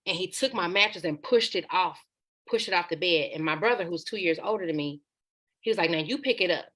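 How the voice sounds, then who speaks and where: A woman's voice: on the low side, a little fast, sharp tone. A woman guest on a podcast, telling a personal story in a candid, conversational way. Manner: candid, conversational, slips into acted quotes.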